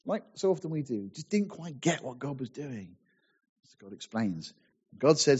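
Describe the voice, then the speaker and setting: A man's voice: medium pitch, very animated, moderate pace, a little mellow, breathy edge, lo-fi sound. A man preaching a sermon, reading scripture aloud in King James wording and explaining it with emphatic asides.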